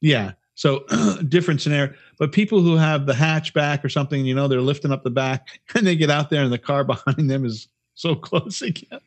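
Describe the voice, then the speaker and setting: A man in casual podcast chat, talking in a fairly high register for a man. He rambles through his stories with plenty of swearing and false starts. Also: brisk, hardly any pauses. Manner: profane, rambling storyteller with restarts. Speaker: podcast co-host.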